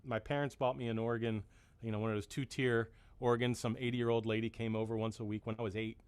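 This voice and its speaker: A man's voice: mid-range voice, flat delivery, fast, a little mellow, clean tone, dry recording. A man in his fifties chatting as a musician guest, rambling and self-deprecating, with many restarts. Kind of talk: casual chat.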